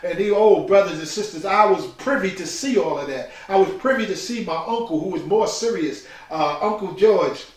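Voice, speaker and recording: A man's voice: sits high, moderate pace, few pauses. An older man gives a preaching personal testimony, emphatic and repetitive, calling listeners brothers and sisters. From New York. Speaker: speaker telling his life story. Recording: very echoey room, far from the mic.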